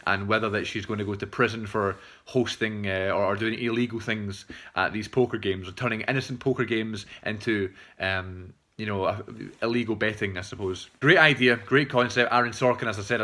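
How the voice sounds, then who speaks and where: A young man talks through a film review off the cuff, rambling and swearing as he goes. His voice is bright and forward, and he stops often for fillers and restarts. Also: lowish voice. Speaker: film reviewer, channel host. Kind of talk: casual unscripted film review.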